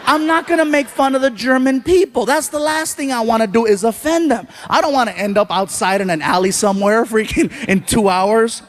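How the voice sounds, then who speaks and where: A man tells a story in stand-up style on a large stage, his voice pitched very high and full of animation. He talks into a handheld mic and jumps into quick impressions of the people in his story. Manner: animated, acts out other voices. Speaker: stand-up comedian. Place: large indoor venue on stage.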